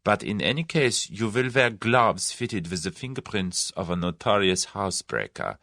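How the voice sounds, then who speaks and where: A man voicing a clear, methodical conspirator. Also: lowish voice, sing-song, sharp tone, dry recording, full character voice. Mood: measured. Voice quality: clear, measured, deliberate.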